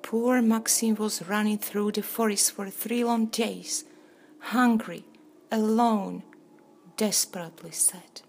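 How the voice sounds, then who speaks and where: A woman reading a fairy tale aloud in a slow, expressive storytelling manner. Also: mid-range voice, creaky, faint music behind. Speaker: narrator.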